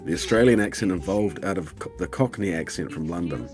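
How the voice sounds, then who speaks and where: A very low-voiced man with a New Zealand accent trades crude jokes and mockery in a casual live stream. He comes through a voice-chat connection, teasing his co-host. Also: animated, fairly quick, darkish tone, soft background music. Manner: crude, joking, mocking.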